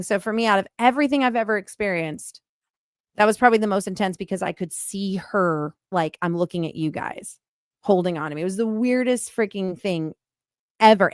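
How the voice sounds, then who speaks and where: A woman's voice: mid-range voice, no room sound. Woman telling a ghost story, dry sound. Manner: animated, emphatic, many fillers. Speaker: paranormal investigator guest. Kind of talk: casual storytelling on a podcast.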